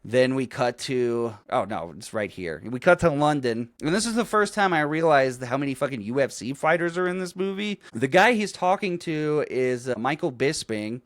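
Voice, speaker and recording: A man's voice: mid-range voice, expressive, normal speed, few pauses, no room sound, clean studio sound. A man co-hosting a movie podcast, recapping the plot in casual chat with lots of swearing and laughter. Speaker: podcast co-host.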